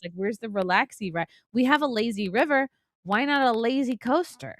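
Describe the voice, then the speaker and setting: A woman hosting a live podcast, reacting to a roller coaster video with dramatic, animated commentary and silly voices for her own thoughts. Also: fairly high pitch, fairly quick. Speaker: podcast host.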